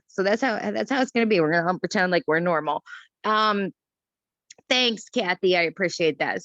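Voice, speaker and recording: A woman hosting a morning team video call, talking in a chatty, self-mocking and animated way. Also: mid-range voice, no room sound. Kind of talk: casual motivational chat. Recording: dull, dry video-call audio.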